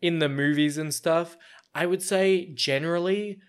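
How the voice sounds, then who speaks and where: A man's voice: on the high side, measured pace, smooth. A young Australian man hosting a casual solo podcast. He rambles and meanders, with lots of fillers and little laughs. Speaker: podcast host.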